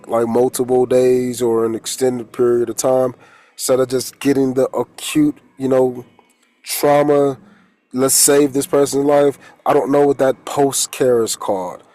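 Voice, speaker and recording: A man's voice: medium pitch, mellow, poor audio. A man, a holistic coach, giving a rambling, casual spiritual talk and swearing when he gets heated.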